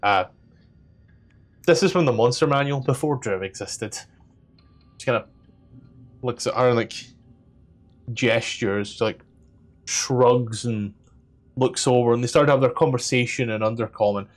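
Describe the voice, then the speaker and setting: A man running a tabletop game as dungeon master, describing scenes in a halting way with lots of fillers. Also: medium pitch. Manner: halting description full of "like" and "kinda".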